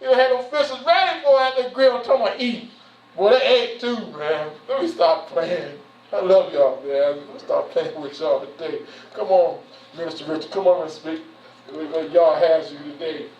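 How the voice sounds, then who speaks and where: This church elder's address is homespun and relaxed, packed with repetition, "you know," and "man," spoken by a man whose voice sits on the high side with a darkish tone at a normal pace. Set in a church hall, the recording is roomy, distant, and dull, with a little hiss or hum.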